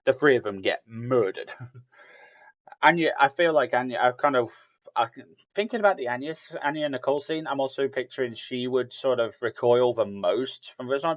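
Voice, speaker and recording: A man with a lowish voice hosts a solo podcast, rambling along with frequent restarts and bits of acted-out dialogue. The recording sounds dull and lo-fi. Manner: rambling, many restarts, acts out quotes. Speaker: podcast host. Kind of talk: casual solo commentary.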